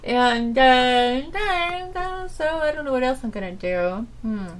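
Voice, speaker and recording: Woman, show host, casual rambling monologue, halting and subdued, slightly high pitch. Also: expressive. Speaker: internet radio show host.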